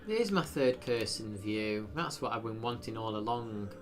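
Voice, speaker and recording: A man's voice: on the low side, moderate pace, background noise. A man chatting casually while live streaming a video game, rambling with lots of fillers. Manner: rambling, self-deprecating, frequent fillers.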